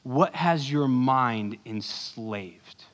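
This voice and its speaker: A man's voice: lively intonation, drawn-out words. Earnest male pastor in a reverberant hall. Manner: earnest, swings between urgent bursts and hushed low lines. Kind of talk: sermon.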